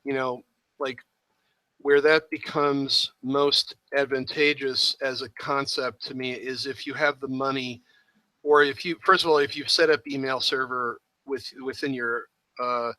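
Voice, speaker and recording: A man's voice: mid-range voice, fairly even intonation, measured pace, pushed and bright, no echo, poor audio. A man hosting a casual chat, thinking aloud with hesitant, self-deprecating asides. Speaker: host.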